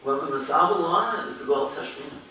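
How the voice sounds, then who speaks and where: A man giving a Torah lecture as a rabbi, rising and falling in pitch and chanting quoted Hebrew verses. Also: animated, fairly quick, sharp tone, a little hiss or hum. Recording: echoey hall, mic at a distance.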